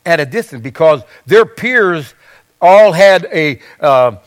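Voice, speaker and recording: A man's voice: a little high, animated, slow, clean tone. A man preaching a sermon in a conversational way, reading scripture aloud and asking his listeners questions.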